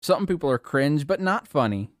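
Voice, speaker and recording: A man's voice: on the high side, sing-song, normal speed, no echo, clean studio sound. A man streaming live, chatting casually with his viewers, giggling a lot and swearing playfully.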